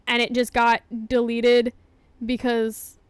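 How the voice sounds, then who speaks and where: Young woman streamer, high voice, flustered and apologetic, swings between hushed and loud, casual chat. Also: steady tone, a little slow, no echo. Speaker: livestreamer.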